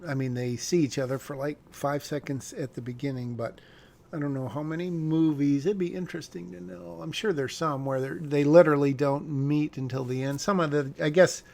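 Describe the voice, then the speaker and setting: A man's voice: fairly high pitch, fairly even intonation, a little fast, creaky, darkish tone. A male screenwriter talking casually through his own script, rambling and correcting himself with wry asides.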